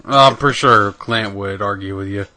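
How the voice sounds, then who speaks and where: A man's voice: lowish voice, normal speed, sharp tone. A man casually chatting on a gaming podcast, rambling with lots of fillers and swearing. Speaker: podcast co-host.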